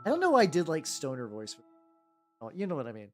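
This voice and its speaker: A chatty streamer talks through a painting session in a loose, rambling way, full of fillers and false starts. The voice sits at a middle pitch but swoops up and down a lot. Soft background music plays faintly under the talk. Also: wildly swooping pitch, quick pace. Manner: rambling, many "like" fillers and restarts; answers chat while painting. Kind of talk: casual livestream chat.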